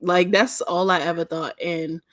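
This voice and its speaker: Woman, podcast host; mellow, calming, lightly raspy voice, lower pitch, dry close mic. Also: a little slow, dry recording. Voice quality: soothing, mellow, slightly raspy voice. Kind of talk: casual chat.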